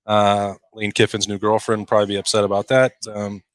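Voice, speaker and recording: A man's voice: on the low side, level tone, brisk, no echo. Dry-joking male podcast co-host. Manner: dry joking, reads out a list. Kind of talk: casual sports talk.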